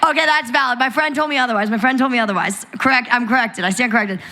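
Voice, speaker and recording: A bubbly young woman with an American accent, her voice bright and forceful. She chats as a guest in a live onstage conversation, animated and quick to laugh. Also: fairly high pitch, slight background noise. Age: young adult.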